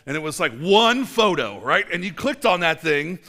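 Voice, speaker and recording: This man in his forties, a pastor, preaches conversationally in a church at a normal pace. His slightly high voice has a sharp tone and swings widely in pitch, and his chatty delivery is full of fillers, restarts, and dry jokes at his own expense.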